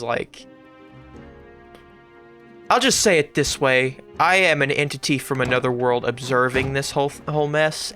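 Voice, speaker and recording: A gaming YouTuber with a mid-range voice rambles through laid-back let's-play commentary, breaking out now and then into sudden loud yells and swearing.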